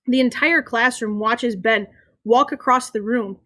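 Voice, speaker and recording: A woman reading a children's novel aloud in a steady, expressive storytelling manner. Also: fairly high pitch, unhurried, no room sound, studio quality. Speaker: reader.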